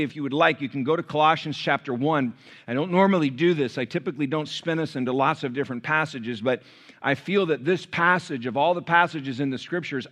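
A male pastor preaching a sermon, asking the congregation questions and swinging between loud emphatic passages and hushed, low ones. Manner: asks the congregation questions and answers them.

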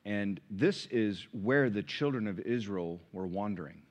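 A middle-aged man preaching a sermon as pastor, conversational and animated, with sudden high bursts. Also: a little slow, highs cut off. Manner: animated, conversational, sings hymn lines.

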